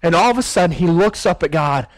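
A man's voice: a little high, expressive, fast talker, no room sound, rough recording. A male guest preacher giving a sermon, telling a story vividly and acting out the scenes.

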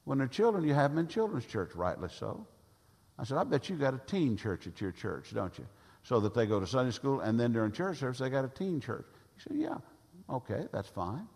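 A husky-voiced man preaching with a lively, swinging delivery. He hammers his points home by repeating phrases, and his voice rings out with a long echo through a church hall. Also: medium pitch, brisk. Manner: emphatic, repeats phrases for effect. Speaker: pastor. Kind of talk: sermon. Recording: long reverb of a large hall.

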